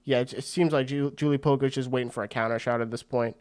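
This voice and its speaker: A man's voice: medium pitch, quick pace. A man hosting a fight watch party, giving casual, rambling commentary full of slang. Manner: excitable and rambling, slangy with frequent "bro".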